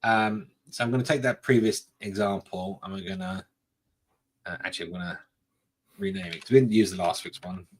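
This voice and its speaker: A man from the UK hosting a live coding show, easygoing and halting as he types. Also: low-pitched, fairly even intonation. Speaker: host doing live coding. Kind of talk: casual live coding chat.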